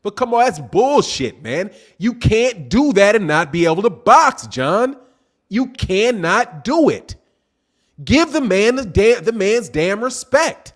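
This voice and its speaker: A man with a notably high voice hosts a live boxing stream and answers his chat. He argues in a heated, profane, exasperated way and keeps his talk casual and full of slang. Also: very animated. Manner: talks fast with casual slang. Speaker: boxing channel host reading live chat.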